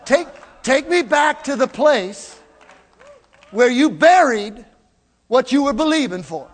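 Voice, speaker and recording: High-voiced preacher in an echoing church. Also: male voice, takes it slowly. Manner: animated preaching, swinging between loud and hushed; jokey asides to the congregation. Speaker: pastor. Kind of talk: sermon. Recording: long hall reverb.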